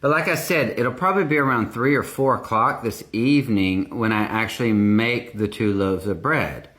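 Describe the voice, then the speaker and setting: A man's voice: lowish voice, moderate pace, a bit bright. A man casually chatting through a home baking vlog, rambling with little asides. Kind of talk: casual chat. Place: home baking room, indoors. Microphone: phone, sometimes earbuds.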